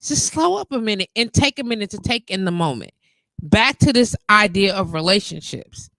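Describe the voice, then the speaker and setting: Woman host, bright tense voice, dry close sound, animated casual chat. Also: mid-range voice, normal speed, no echo. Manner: animated, repeats "you get what I'm saying". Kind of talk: casual live-stream chat.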